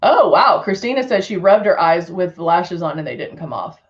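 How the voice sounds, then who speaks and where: Chatty middle-aged woman, live makeup host, lively up-and-down voice, slightly dull lo-fi sound. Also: fairly low pitch, normal speed. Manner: chatty, laughs often, reads viewer comments aloud. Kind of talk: casual live makeup demo chat.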